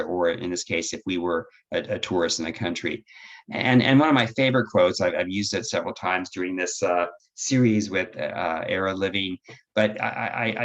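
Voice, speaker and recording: A man giving an educational talk to caregivers on dementia care, earnest and conversational, explaining his points through stories. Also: deep voice. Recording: dull lo-fi recording.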